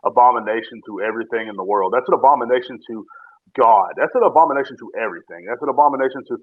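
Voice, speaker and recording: Casting note: a brash podcast host, quick profane rants, sounds like a phone call. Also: male voice, mid-range voice, husky. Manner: profane, joking, rambling rant. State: drinking bourbon while talking. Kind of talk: casual ranting monologue. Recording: tinny phone-app audio.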